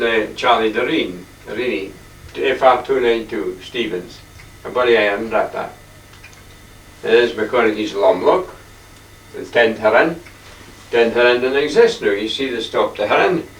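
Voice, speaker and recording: An older man talks his halting, wandering way through his paintings, often clearing his throat. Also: fairly low pitch. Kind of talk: rambling casual reminiscence. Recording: echoey room, distant mic, faint hiss.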